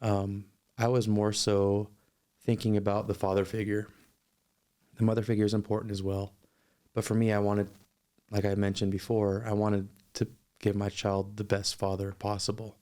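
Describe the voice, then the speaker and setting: A man guest on a podcast, telling a personal story in a measured, thoughtful, sincere way. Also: on the low side, completely flat delivery, warm tone.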